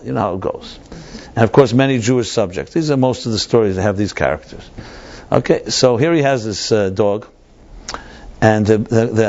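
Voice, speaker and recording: A man's voice: fairly low pitch, darkish tone. A man, a rabbi, telling a story in a conversational, digressive lecture. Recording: dull lo-fi lecture recording.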